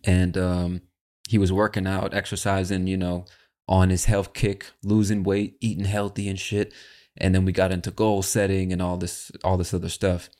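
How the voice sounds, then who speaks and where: A man's voice: low-pitched, little pitch movement, moderate pace, a little mellow. A man hosting a casual English-learning podcast in a laid-back, chatty way, swearing now and then. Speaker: podcast host, English teacher.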